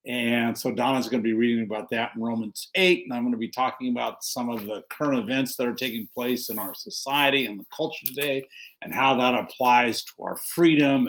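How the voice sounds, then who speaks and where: A man with a gravelly, creaky voice and a Southern Californian accent speaks as a pastor. He talks in a loose, rambling way, full of "uh" and restarts. Then he settles into a plain spoken prayer. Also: medium pitch. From United States. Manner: relaxed, rambling with fillers and restarts. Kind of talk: casual sermon and spoken prayer.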